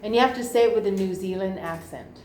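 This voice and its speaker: A woman's voice: medium pitch, fast talker, a little mellow, slight background noise. Chatty woman teacher in echoey room. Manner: chatty, jokey asides while reading aloud. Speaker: English teacher. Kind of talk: classroom exam reading and explanation. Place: classroom.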